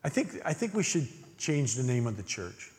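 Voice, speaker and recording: A man preaching a sermon as pastor, earnest, swinging from emphatic questions to hushed, near-whispered lines. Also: medium pitch, sing-song, moderate pace. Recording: long reverb of a large hall.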